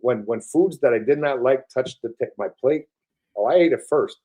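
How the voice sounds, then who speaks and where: A man's voice: medium pitch, normal speed, mellow, slightly rough. A man in his forties, a military veteran with a Buffalo accent mixed with Southern, talking casually in an interview with lots of fillers and restarts. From upstate New York. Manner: rambling, filler-heavy, frequent restarts, casual swearing.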